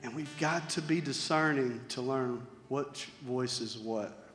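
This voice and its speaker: A man preaching a sermon in a conversational style, moving between loud emphasis and soft, quiet passages. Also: mid-range voice, takes it slowly, big-room sound, faint music behind. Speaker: pastor.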